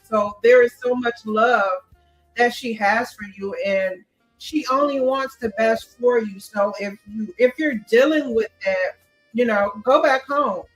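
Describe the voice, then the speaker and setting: A woman's voice: on the high side, a little slow, rough recording. Middle-aged woman, earnest, personal story, faint background music. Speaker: guest co-author.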